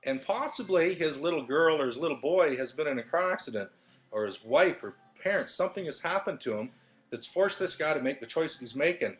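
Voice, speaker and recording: A man's voice: fairly high pitch, animated, fairly quick, soft background music. A man talking casually into his webcam in his living room, telling a motivational story with plenty of fillers and restarts. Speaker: vlogger.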